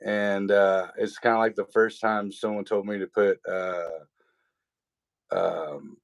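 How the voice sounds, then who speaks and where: A man's voice: fairly low pitch, level tone, takes it slowly, vocal fry, clear, resonant tone, no room sound. A man, hosting a casual livestream chat over a video call, rambling with fillers and restarts. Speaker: stream host.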